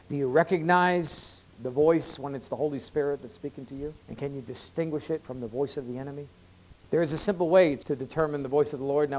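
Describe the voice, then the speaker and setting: A man preaching a sermon as pastor, swelling louder on key points and slowing down to read scripture aloud. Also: mid-range voice, low-quality recording. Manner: builds to loud emphatic rises, slows to read scripture.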